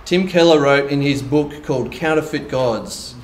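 A man preaching a sermon in a roomy, echoing church, with a faint hiss under his voice. He talks in an easy, conversational way and slips into lively mock quotes to make his points. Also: fairly high pitch, normal speed. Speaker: pastor. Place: church hall.

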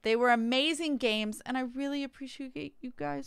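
A woman game streamer, bubbly and chatty, wrapping up her stream with quick thank-yous. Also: sits high, steady tone, vocal fry, no room sound. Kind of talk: let's play commentary and stream outro.

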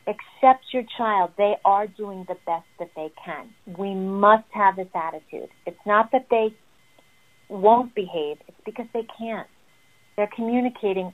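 A woman's voice: medium pitch, moderate pace. A woman therapist explaining parenting advice in an earnest, emphatic teaching tone. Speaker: family therapist. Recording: tinny phone-like sound.

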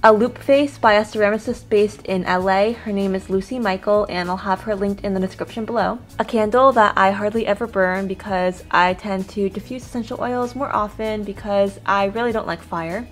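Soft music runs in the background while a young woman on her bed talks upbeat and casual to the camera, covering her items one after another. She speaks in a steady mid-range voice at normal speed with few pauses.

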